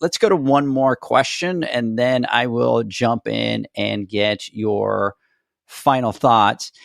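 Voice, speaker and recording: Upbeat podcast host, dry sound. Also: male voice, mid-range voice, takes it slowly, vocal fry, no room sound. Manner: upbeat, gives shout-outs and moves questions along. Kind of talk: casual podcast chat.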